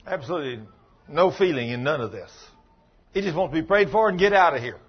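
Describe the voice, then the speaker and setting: A man's voice: on the high side, animated, quick pace, breathy edge, lo-fi sound. A man preaching a sermon as pastor, telling folksy stories in a plain-spoken, emphatic way.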